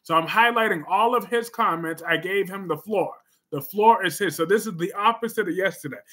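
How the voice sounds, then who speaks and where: A man hosting a casual livestream, reading viewer comments in a sassy, emphatic way with sudden loud bursts. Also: high-pitched, fairly quick.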